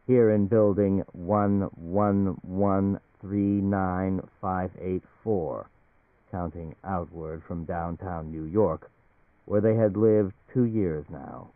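Low-voiced male narrator on tinny radio. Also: no echo. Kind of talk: audiobook novel reading on radio. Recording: tinny dry radio broadcast.

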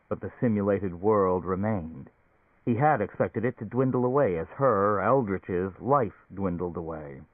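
A man narrates an audiobook in a measured, steady way. His voice sits on the low side. The sound is dry and narrow, like it comes over a phone. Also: dry recording.

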